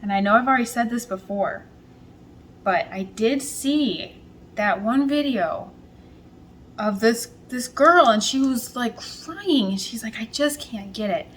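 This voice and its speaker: A woman hosting a casual home vlog, talking through her work in a chatty, self-deprecating way with quick bursts of speech. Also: a little high, expressive, a bit bright, a little hiss or hum, low-quality recording. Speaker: soap maker and channel host. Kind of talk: casual vlog narration while working.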